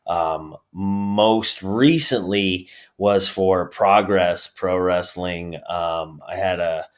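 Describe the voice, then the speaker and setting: A man from upstate New York with a New York accent, chatting casually as an interview guest, laughing often and filling pauses with ums. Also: low-pitched. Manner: relaxed, laughs often, many fillers. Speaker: guest, pro wrestler.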